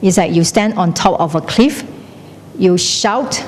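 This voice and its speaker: Chatty woman teacher in echoey hall. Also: unhurried. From Malaysia. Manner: chatty, mixes in Chinese phrases, checks in with "okay?". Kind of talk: classroom lecture. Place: classroom hall. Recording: echoey hall with faint rumble.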